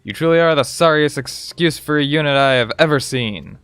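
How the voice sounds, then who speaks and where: A man reading out a gruff, harsh male Marine drill sergeant from a video game, barking insulting commands. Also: on the high side, brisk, a bit bright, no room sound, soft background music. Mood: scornful.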